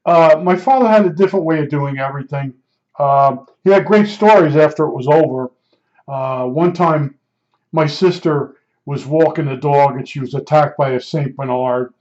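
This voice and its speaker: A man's voice: on the high side, darkish tone. A man in his seventies rambling through casual personal stories, full of asides and digressions, as a vlogger. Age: 70s. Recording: dull lo-fi recording.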